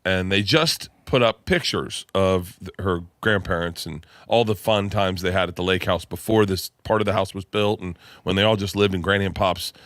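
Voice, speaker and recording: A middle-aged man telling a family story on a podcast, animated and profane, acting out the other people's lines. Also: sits low, moderate pace, few pauses, no room sound. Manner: animated, swearing, acts out family dialogue. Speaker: podcast guest. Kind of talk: casual storytelling.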